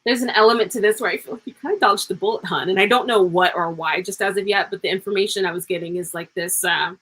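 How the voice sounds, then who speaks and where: A woman's voice: mid-range voice, fast, a bit bright, husky, low-quality recording. A woman in her thirties giving live psychic tarot readings, chatty and rambling, laughing often and calling viewers pet names. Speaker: tarot reader.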